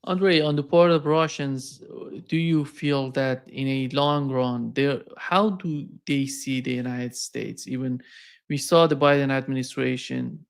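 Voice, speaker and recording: Gravelly man asking halting questions. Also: medium pitch, fairly even intonation. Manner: halting, repeats words while forming questions. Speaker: interview host. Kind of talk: interview questions.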